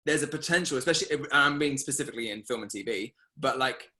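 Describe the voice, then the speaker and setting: Bright-voiced British man, animated. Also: mid-range voice, fast talker. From Britain. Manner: animated, laughs easily, many fillers. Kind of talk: casual panel discussion.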